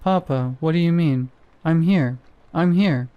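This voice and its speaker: A man's voice: fairly high pitch, expressive, measured pace, smooth, highs cut off. A man voicing a scared young boy with a slight Russian accent, pleading and repeating his words.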